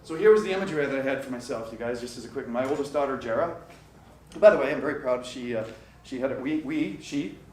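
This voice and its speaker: A middle-aged man giving a motivational workshop talk to a live audience, animated and addressing the crowd directly. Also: mid-range voice, fast talker. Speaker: coach and workshop speaker. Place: conference room with live audience. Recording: echoey room, distant mic, faint noise.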